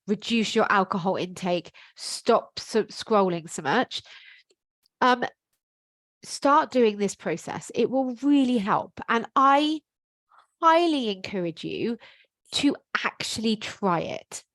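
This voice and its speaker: A woman's voice: medium pitch, lively intonation, takes it slowly, fairly bright tone, dry recording. A middle-aged woman, a life coach, giving a frank, emphatic motivational talk to camera with some casual swearing.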